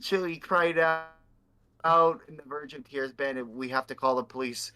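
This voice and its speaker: A man's voice: mid-range voice, fairly even intonation, fairly quick, rough recording. A young man hosting, reading a fan fiction aloud with stumbling, swearing asides. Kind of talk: casual reading with commentary.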